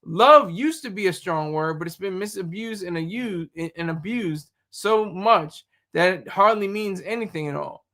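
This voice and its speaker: A man chatting loosely on a livestream, stumbling and repeating himself as he answers viewers. His voice is high for a man and bright. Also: expressive, unhurried. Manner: rambling, repeats words, reads chat comments. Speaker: YouTube streamer. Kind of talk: casual live-stream chat.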